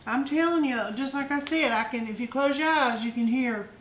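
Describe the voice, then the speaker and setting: A woman's voice: high voice, fairly quick, echoey room. An older woman, hosting a casual home cooking show in a folksy, affectionate way. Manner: folksy, affectionate, calls viewers honey and y'all. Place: home kitchen.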